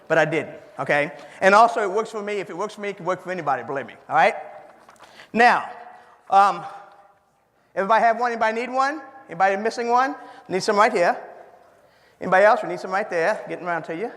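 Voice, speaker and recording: Fast, high-voiced Cajun man. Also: expressive, a bit bright. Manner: folksy, chatty, repeats words back to the audience. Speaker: keynote speaker. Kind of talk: interactive keynote speech. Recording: hall reverb.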